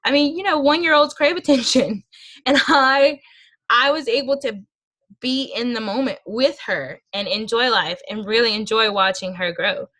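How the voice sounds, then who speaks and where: A young woman with a bright, forceful voice gives a heartfelt motivational talk to her team. She speaks earnestly and with feeling, drawing on her own experience, and she is heard through a video call microphone. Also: fairly high pitch, moderate pace. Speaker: team leader speaking to a sales team.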